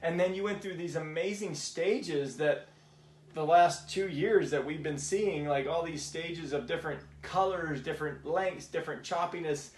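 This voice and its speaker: A man hosting a casual chat over whiskey, agreeable and quick to laugh. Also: fairly high pitch, echoey room. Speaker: podcast host.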